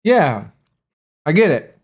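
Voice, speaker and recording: A man's voice: fairly high pitch, very animated, takes it slowly, breathy edge. A man hosting a mobile-game livestream, chatting in a rambling way and arguing back at his chat, with some casual swearing. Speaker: livestream gaming host.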